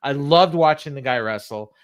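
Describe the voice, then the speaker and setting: A man co-hosting a wrestling recap podcast in casual chat, laughing often and filling pauses with "uh". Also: medium pitch, smooth, dry recording, highs cut off. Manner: chatty, laughs often, many fillers. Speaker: podcast co-host.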